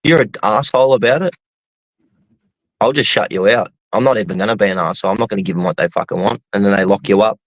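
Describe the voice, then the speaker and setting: A man's voice: on the low side, quick pace, no echo, poor audio. A young Australian man chatting casually, telling blunt stories full of swearing. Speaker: host. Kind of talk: casual chat.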